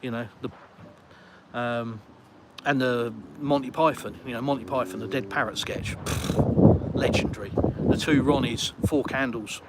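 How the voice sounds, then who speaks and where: Middle-aged Englishman, mid-pitched, rambling and chatty live streamer, filmed outdoors with heavy street noise. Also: fairly even intonation, measured pace. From England. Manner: chatty, rambling, reads out viewer messages. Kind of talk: casual livestream chat. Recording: loud street and traffic noise.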